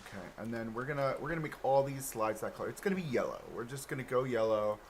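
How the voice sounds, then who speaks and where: A man's voice: medium pitch, lively intonation, fast talker, a little hiss or hum, poor audio. A man hosting a casual live stream while playing a game, chatting in an easygoing, self-deprecating way and laughing often, close to a desk microphone at home. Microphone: desk microphone close in front.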